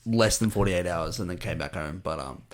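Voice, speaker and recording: A man's voice: low voice, moderate pace. A young man with an Australian accent, co-hosting a podcast and telling stories in casual chat, acting out quotes as he goes. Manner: animated storyteller, acts out quotes. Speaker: podcast co-host.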